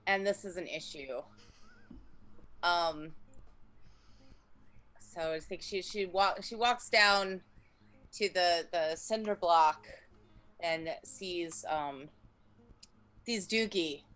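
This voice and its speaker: A woman's voice: on the low side, slow, pauses often, a bit bright. A woman playing a tabletop game, talking hesitantly with lots of ums. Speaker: player. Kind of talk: casual tabletop play.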